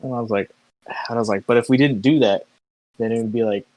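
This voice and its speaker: A man's voice: mid-range voice, quick pace, darkish tone, no room sound, rough recording. A young man co-hosting a podcast, chatting casually in an easygoing way, often restarting and repeating words, recorded in a car. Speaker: podcast co-host. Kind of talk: casual chat. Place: inside a car.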